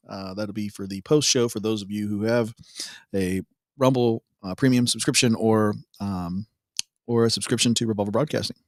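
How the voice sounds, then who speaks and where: A man co-hosting a devotional show, reading a Bible passage and joking around in a relaxed, casual chat. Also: on the low side, no room sound, clean studio sound. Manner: laid-back, jokey, laughs often.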